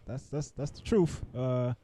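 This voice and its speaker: A man's voice: measured pace, slight background noise. A man co-hosting a podcast, chatting casually about a film and acting out the characters in exaggerated voices. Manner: animated, acts out characters in exaggerated high voices. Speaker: podcast co-host. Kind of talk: casual film review chat.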